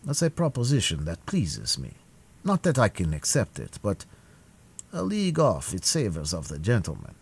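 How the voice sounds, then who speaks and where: Dignified musketeer, low, husky and quiet, read by a man. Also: huge pitch swings, moderate pace, exaggerated voice. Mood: courteous. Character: older male musketeer, calm, dignified, wounded.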